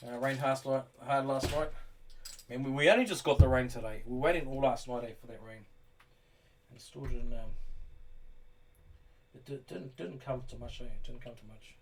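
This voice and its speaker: A man's voice: mid-range voice, normal speed, long pauses. A man streaming live, chatting casually with his viewers while he builds, swearing freely and calling people bro and mate. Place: indoors at home during rain. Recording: distant mic with faint background noise.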